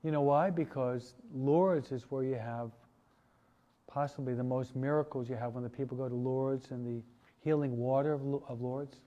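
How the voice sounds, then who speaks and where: A man, a priest, teaching a parish catechesis class in a relaxed, conversational way, asking his listeners questions. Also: medium pitch, normal speed, dull audio. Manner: conversational, asks the audience questions, many restarts and asides. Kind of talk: informal parish teaching talk.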